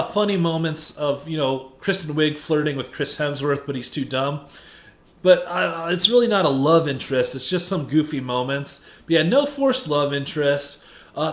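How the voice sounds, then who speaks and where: Guy ranting about a movie, high voice, cussing a lot, echoey room. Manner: heated and profane, escalating into shouted rants. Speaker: movie reviewer. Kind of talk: ranting film review.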